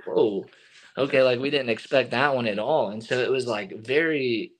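A young man in his twenties, a baseball pitcher telling his story as a guest in a casual, rambling way, full of fillers. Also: moderate pace, fairly bright tone, poor audio.

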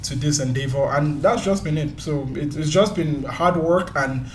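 A man from Nigeria telling stories in a casual interview, lively and quick to act out voices. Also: a little high, a little hiss or hum. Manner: lively storyteller, acts out voices and laughs often. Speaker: tech YouTuber and guest. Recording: roomy echo.

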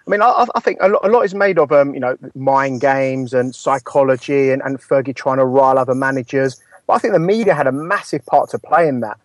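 A man's voice: medium pitch, fairly quick, no echo. A man, a Manchester United fan, giving a thoughtful, hedging take in a casual podcast chat.

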